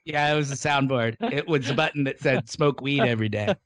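A man co-hosting a podcast, explaining the story of a movie in a relaxed, casual way. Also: medium pitch, a little fast, dry recording. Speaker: podcast co-host.

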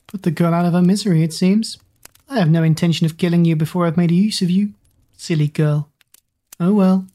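A woman's voice: lowish voice, brisk, dark tone, lightly acted. A woman voicing a cruel, scheming Witch Queen who mocks and gloats over her captives in a storybook reading. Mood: dismissive. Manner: mocking, gloating.

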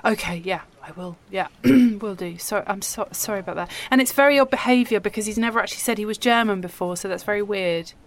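A woman playing a deadpan agency assistant. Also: mid-range voice, quick pace, few pauses, natural voice. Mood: unbothered. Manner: deadpan and unbothered, giggly. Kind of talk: scripted comedy sketch.

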